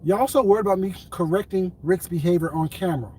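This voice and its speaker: A man with a high, husky voice addresses his livestream. He speaks in a calm, controlled, deliberate way and repeats his points for emphasis. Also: poor audio. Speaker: YouTube streamer. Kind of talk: heated livestream commentary.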